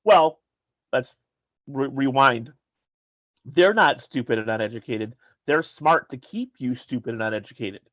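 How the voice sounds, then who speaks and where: A man's voice: medium pitch, animated, unhurried, fairly bright tone, dry recording. A man co-hosting an internet radio show, chatting casually and rambling with frequent restarts. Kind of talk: casual chat. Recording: slightly dull dry sound.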